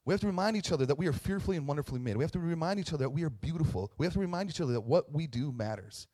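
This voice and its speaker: A man's voice: fairly high pitch, animated, racing, mellow. A man in his thirties, a pastor, giving a casual conversational sermon, chatty with tag questions and restarts, joking at his own expense. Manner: self-deprecating humor.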